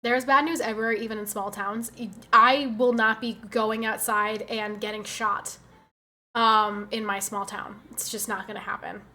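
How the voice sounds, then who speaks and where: A woman's voice: a little high, flat delivery, normal speed, bright, forceful tone. A young woman with a slight New Jersey accent, streaming and chatting casually with viewers in a blunt, sarcastic way. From United States. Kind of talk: casual chat reading viewer messages.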